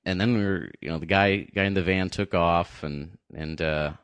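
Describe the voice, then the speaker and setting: Low-voiced man telling a story casually. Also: steady tone, moderate pace, fairly bright tone, smooth, dry recording. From New Hampshire. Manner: rambling, lots of "like" fillers. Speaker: podcast co-host.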